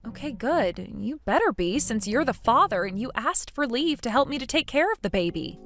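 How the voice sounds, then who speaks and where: Synthetic woman as a baffled pregnant wife, high and expressive, soft music underneath. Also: normal speed. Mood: firm. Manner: hesitant, puzzled, stammering. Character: pregnant young wife, bewildered and polite.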